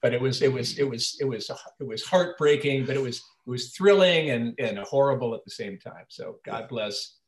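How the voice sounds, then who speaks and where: Older man, casual guest storyteller, full of restarts and acted quotes, mid-pitched voice in an echoey room. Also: moderate pace, few pauses. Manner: rambling anecdotes with many restarts, acting out quoted lines. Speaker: actor interviewed as guest. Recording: roomy echo.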